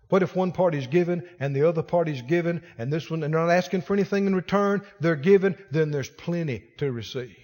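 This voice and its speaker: A man's voice: a little high, quick pace, hardly any pauses, a little mellow, big-room sound. A male pastor preaching a sermon, acting out the voices of the people he quotes.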